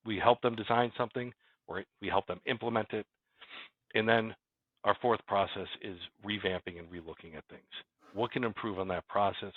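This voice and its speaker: A man's voice: on the low side, fairly even intonation, normal speed, no room sound. A man, a company president, talking casually as a guest and rambling with many restarts. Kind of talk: casual interview talk. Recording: dry, phone-like remote call audio.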